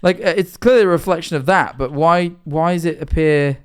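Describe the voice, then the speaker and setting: A man's voice: on the high side, fairly quick, clear, resonant tone. Rambling man streaming ghost videos. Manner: rambling, filler-heavy, swings from worked-up to sheepish. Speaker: livestreamer reacting to videos. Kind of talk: casual live-stream commentary.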